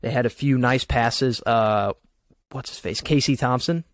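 A man co-hosting a sports podcast, talking casually and excitedly, sometimes stuttering. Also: medium pitch, unhurried, dry recording. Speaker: podcast co-host.

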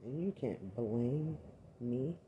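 A man's voice: medium pitch, lively intonation, slow, dull audio, slight background noise. A man and army veteran delivering an angry, accusatory rant full of swearing. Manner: furious, accusatory, swears constantly.

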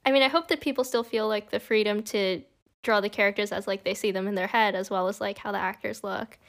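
A young woman in casual fan chat, giggly and earnest, quick to agree with others. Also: medium pitch, fairly even intonation.

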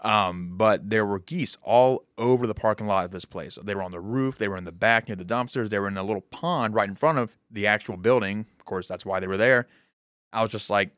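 Low-voiced blunt young man podcaster. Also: fairly quick, a bit bright, dry recording. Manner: blunt, dry, profane. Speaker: podcast co-host. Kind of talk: casual chat.

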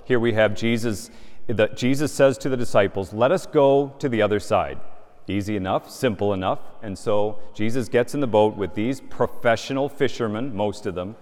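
A bishop gives a sermon in a fairly low voice, earnest and conversational, often turning to rhetorical questions. His words ring out with the long reverb of a big cathedral. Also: moderate pace, darkish tone. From Gulf Coast of the United States. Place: large cathedral.

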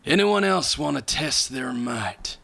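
A man's voice: mid-range voice, expressive, takes it slowly, creaky, pushed and bright, pitched above the performer's own voice, full character voice. Man putting on a smug, menacing halfling sorcerer.

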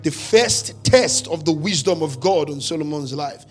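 A man's voice: on the high side, expressive, unhurried, faint music behind. A man preaching a sermon as pastor, mixing humorous asides with dramatic retellings and bold declarations.

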